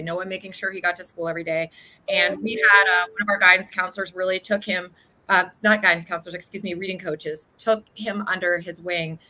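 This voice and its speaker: A woman's voice: medium pitch, pushed and bright, poor audio. A woman guest telling heartfelt stories in an earnest, conversational way. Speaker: charter school guest. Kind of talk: conversational interview.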